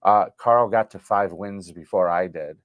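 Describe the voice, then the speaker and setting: A man hosting a podcast, making sarcastic, deadpan complaints in casual chat. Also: low voice, measured pace, narrow, tinny audio. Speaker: podcast host.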